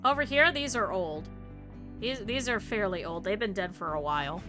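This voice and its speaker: A woman's voice: medium pitch, animated, normal speed, music in the background. A woman streamer commenting on her gameplay live, chatting with her viewers, scolding her characters and swearing freely.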